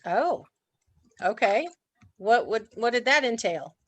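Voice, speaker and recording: A woman's voice: fairly high pitch, lively intonation, slow pace, a bit bright. A woman presenting an online training talk in a chatty way, laughing often. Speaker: workshop presenter.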